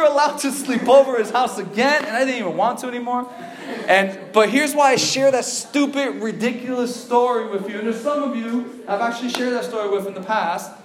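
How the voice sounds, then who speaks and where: A man giving a storytelling talk to teenagers as a youth speaker, animated and loud, often laughing through his words. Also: extremely high pitch. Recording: echoey room.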